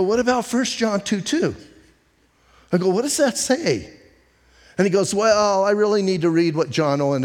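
A male pastor with a slightly high, darkish voice gives a conversational sermon, firing off rhetorical questions. He is emphatic, slowing down deliberately on key phrases, and his words ring out with a long reverb tail like a church sanctuary.

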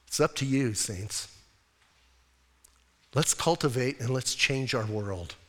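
A man preaching a sermon as a pastor, animated and conversational, with many rhetorical questions to his congregation. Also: mid-range voice, takes it slowly, in a large hall.

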